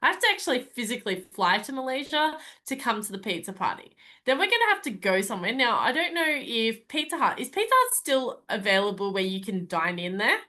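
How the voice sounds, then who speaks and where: A woman hosting a club meeting, talking in a playful, jokey, animated way. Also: a little high, fairly quick. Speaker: Toastmaster of the day.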